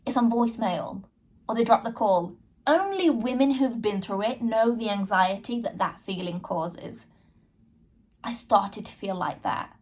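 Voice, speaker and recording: A woman's voice: medium pitch, animated, a little slow, darkish tone. A woman hosting a podcast, telling a personal story frankly and earnestly and addressing her listeners directly. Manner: frank and earnest, reenacting her own past dialogue. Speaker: podcast host.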